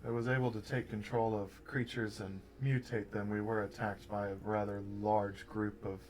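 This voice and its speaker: Man, lowish voice, matter-of-fact, tabletop player. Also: little pitch movement, moderate pace, slight background noise, low-quality recording. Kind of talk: tabletop role-play.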